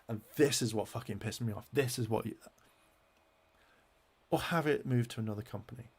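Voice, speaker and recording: A man's voice: medium pitch, normal speed, pauses often, husky. A man venting in an angry vlog rant as he clicks through web pages, swearing constantly and restarting his sentences. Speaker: fan vlogger.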